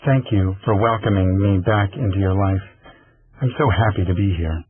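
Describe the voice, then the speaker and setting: A male audiobook narrator voicing a frank, warm young woman, speaking candidly and matter-of-factly. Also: low-pitched, normal speed, breathy edge, no room sound. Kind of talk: audiobook reading. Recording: tinny phone-like lo-fi recording.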